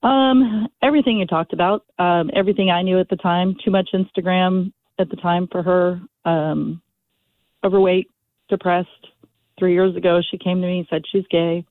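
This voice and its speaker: Halting woman caller on a tinny phone line. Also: on the low side, fairly even intonation, no room sound. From California. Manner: emotional, halting, with restarts.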